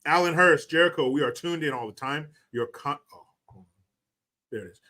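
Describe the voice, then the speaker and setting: A man on a casual livestream, thanking donors and riffing on their messages. His voice is bright and forceful, and he talks bluntly, jokes a lot and swears freely. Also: on the high side, fairly quick. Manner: profane, joking and blunt. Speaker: livestream host. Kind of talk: casual livestream chat reading donations.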